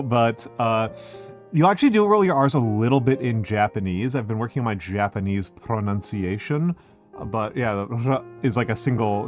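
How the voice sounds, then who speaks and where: Unhurried male streamer chatting casually. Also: medium pitch. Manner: unhurried, drawn-out greetings with many fillers.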